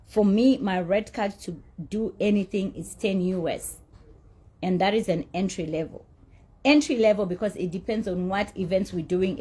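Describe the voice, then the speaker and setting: A woman's voice: medium pitch, darkish tone, husky. A woman telling her side of a payment dispute in a blunt, indignant monologue, often repeating herself for emphasis. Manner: blunt, indignant storytelling with profanity; emphatic repetition. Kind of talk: candid monologue.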